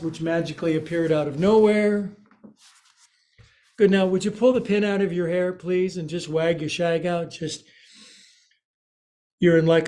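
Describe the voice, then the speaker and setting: Male yoga teacher, high mellow voice, jokey, slow cueing, echoey room. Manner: playful, jokey cueing with counting. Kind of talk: livestreamed yoga class instruction.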